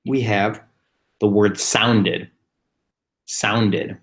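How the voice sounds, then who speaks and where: A male teacher leads a children's phonics lesson at a slow, unhurried pace. His voice sits fairly low, and he spells each word out letter by letter with patient repetition. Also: expressive. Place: home, recorded remotely.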